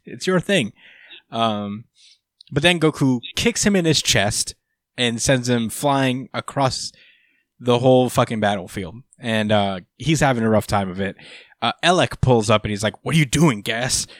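A man's voice: medium pitch, a little slow, dry recording, clean studio sound. A man casually recapping a comic chapter with a friend, swearing and laughing often. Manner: laid-back, swears, laughs often, acts out quotes. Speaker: podcast co-host.

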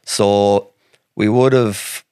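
Lowish and steady, this Irish man's voice is mellow, clear and resonant, and he draws out his words. As a podcast guest he tells a long personal story, rambling, swearing freely and frequently starting over. No echo, studio quality.

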